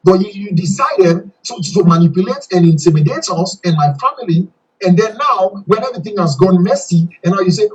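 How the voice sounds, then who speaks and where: A man's voice: high voice, expressive, brisk, far from the mic, poor audio. A man with a Sierra Leonean accent, giving a fiery interview and repeating himself when angry. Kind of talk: impassioned interview.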